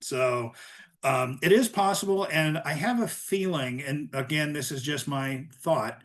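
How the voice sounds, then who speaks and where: An older man, an author guest, talking casually in a webinar with plenty of ums and restarts. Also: medium pitch. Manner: chatty, many ums and restarts. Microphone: video call.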